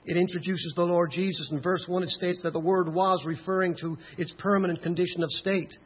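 A man preaching a sermon, building to loud emphatic peaks and then dropping low and quiet. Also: steady tone, a little fast, breathy edge. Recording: dull lo-fi sound.

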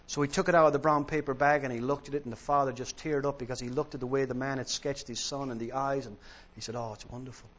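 A man's voice: medium pitch, steady tone, quick pace, fairly bright tone, lo-fi sound. Emphatic male preacher in a sermon. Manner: emphatic, with repeated parallel phrases. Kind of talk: sermon with an illustrative story.

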